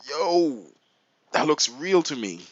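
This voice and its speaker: Speaking slowly in a slightly high voice, a streamer plays a flight simulator while chatting with his audience. He's excitable and mumbles to himself as he navigates menus; the recording has clipped highs and a little background noise.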